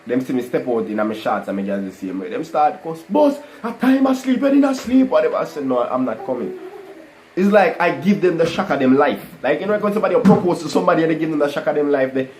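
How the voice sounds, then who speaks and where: A man telling a personal testimony to a live online audience, animated and full of "guys" and "you know". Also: fairly high pitch, quick pace, slight background noise, rough recording. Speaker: livestream host telling his testimony.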